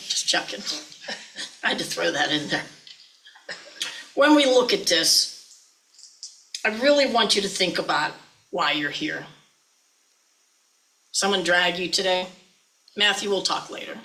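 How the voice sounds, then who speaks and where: A woman's voice: fairly low pitch, pushed and bright, rough recording. A woman minister giving a chatty, folksy sermon, often teasing her listeners.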